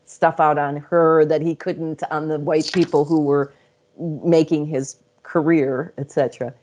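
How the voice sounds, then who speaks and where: Woman, middle-aged, slightly low voice, interview guest, casual storytelling, laughs often, acts out quotes. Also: fairly even intonation, measured pace, darkish tone, slight background noise. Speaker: interview guest, psychic channel.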